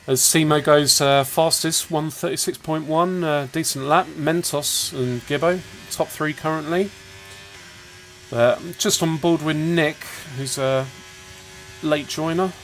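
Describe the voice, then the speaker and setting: A man's voice: on the high side, fairly even intonation, unhurried, fairly bright tone, slight background noise. Chatty English race commentator man. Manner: chatty, cheeky, calls laps as they happen. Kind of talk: casual sim racing commentary.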